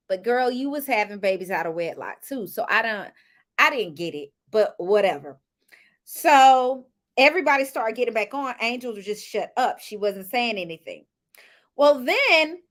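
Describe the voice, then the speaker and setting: A woman casually recapping a reality show episode, chatting to viewers with lively asides and storytelling. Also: on the high side.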